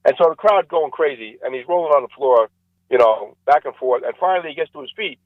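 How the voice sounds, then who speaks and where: A man, a comedian guest, telling jokes in a rambling, animated way. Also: on the high side, fast, no echo, narrow, tinny audio. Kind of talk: casual storytelling interview.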